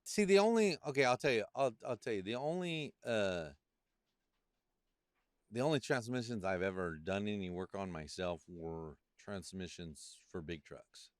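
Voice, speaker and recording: A man hosting a casual podcast chat, telling animated stories and swearing freely. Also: fairly low pitch, normal speed, clean tone, no echo, studio quality. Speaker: podcast host.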